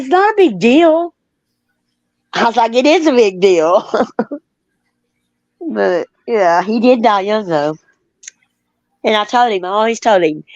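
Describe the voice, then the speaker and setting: In dull, lo-fi audio without echo, a middle-aged host with a mid-range voice chats casually. She rambles through memories, laughs a lot, and reads out comments from viewers.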